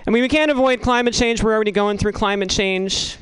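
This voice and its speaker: A woman working through a stand-up comedy set, rambling and restarting her sentences, dropping crude asides with a deadpan edge. Her voice sits high and sounds smooth and clear. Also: quick pace, rough recording.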